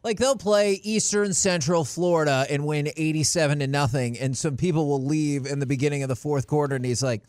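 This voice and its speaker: A man co-hosting a sports radio show in a studio, chatty and quick to laugh and jump in. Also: on the high side, a little mellow, dry recording. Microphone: studio microphone.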